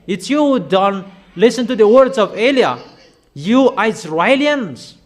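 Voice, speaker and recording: A man with a notably high voice delivers a sermon, hammering his points home through repetition. His delivery is declamatory and insistent. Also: animated, measured pace. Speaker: preacher.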